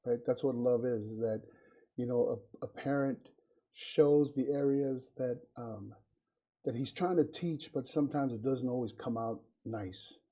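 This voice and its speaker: Dark, husky man in lo-fi sound. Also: medium pitch, a little slow. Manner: affirming, reflective, says "right" often. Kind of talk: casual chat. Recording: dull lo-fi sound.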